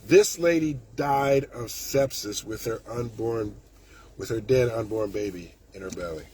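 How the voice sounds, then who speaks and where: A man's voice: fairly low pitch, a little slow, darkish tone, a little hiss or hum. A man, ranting indignantly and sarcastically as a political commentator, with frequent restarts. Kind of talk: casual political rant.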